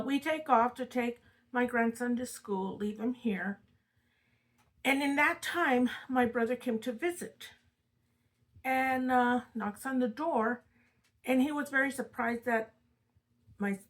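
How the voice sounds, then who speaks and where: A woman's voice: on the high side, unhurried, poor audio. An older woman casually retelling a spooky true story from her own family, chatty and dramatic. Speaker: storyteller host. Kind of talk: casual spoken ghost story.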